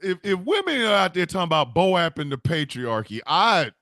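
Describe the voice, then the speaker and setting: Laughing animated man hosting a show. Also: sits high, moderate pace, no echo, studio quality. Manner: laughing, animated storytelling with swearing. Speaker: show host. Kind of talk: comedic rambling talk show.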